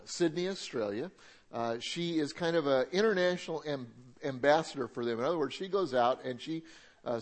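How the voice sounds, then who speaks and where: A man, a church pastor, introducing a guest speaker with frequent pauses and fillers. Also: a little high. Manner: halting, many fillers.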